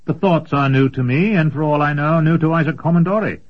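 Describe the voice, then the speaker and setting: A man reading aloud lifts his voice into an earnest young apprentice sorcerer, eager and a little pleading. The voice is husky, and the audiobook recording is dull and lo-fi. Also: brisk, natural voice. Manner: hesitant, pleading, higher than the narration.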